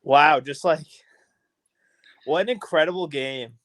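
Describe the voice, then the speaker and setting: A man co-hosting a sports podcast, talking casually and excitedly about a basketball game with lots of filler words. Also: a little high, a little slow, no echo, studio quality. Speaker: podcast co-host.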